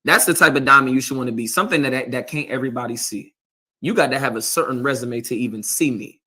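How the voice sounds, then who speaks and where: A man's voice: medium pitch, fast, sharp tone, husky. A man preaching a confrontational sermon as a street preacher, lecturing his listeners and often asking "You understand?".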